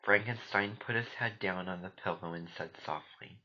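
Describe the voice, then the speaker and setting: A man narrating a storybook in a hushed, soft reading voice on a dull lo-fi recording. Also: sits low, normal speed, few pauses, breathy edge. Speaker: audiobook narrator. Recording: dull lo-fi recording, faint noise.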